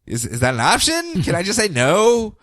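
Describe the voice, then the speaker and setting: A man's voice: high-pitched, huge pitch swings, fairly bright tone, dry recording, clean studio sound, voice pushed up, heavily acted. A man voicing a superhero who stammers a refusal and then bellows as he strains against his chains. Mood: hesitant. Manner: halting, then bellowing war cries.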